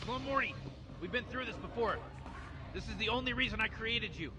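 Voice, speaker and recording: A man's voice: high voice, fairly quick, over loud music, lightly acted. A man voicing Rick, a careless old mad scientist who rambles through his plans and brushes off worries, as a fan impression over gameplay. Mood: placating. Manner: rambling, dismissive.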